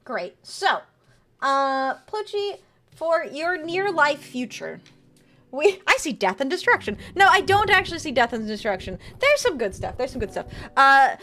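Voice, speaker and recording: A woman's voice: high voice, sing-song, measured pace, sharp tone. A young woman streaming a game live, chatting and joking with her viewers and reading tarot cards aloud. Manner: giggly, jokey, reads chat and tarot cards aloud. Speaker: VTuber streamer.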